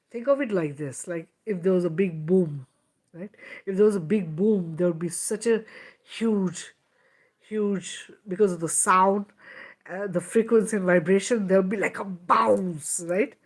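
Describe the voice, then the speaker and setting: Emphatic woman teaching spiritual healing. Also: medium pitch. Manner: casual and emphatic, swears, laughs, often asks "right?".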